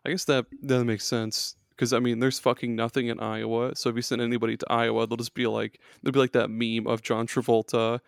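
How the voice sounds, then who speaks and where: A man in a casual podcast chat about games, talking loosely and excitably with plenty of swearing. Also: medium pitch, a little fast, vocal fry, hardly any pauses, dry recording, studio quality. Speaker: podcast co-host or guest.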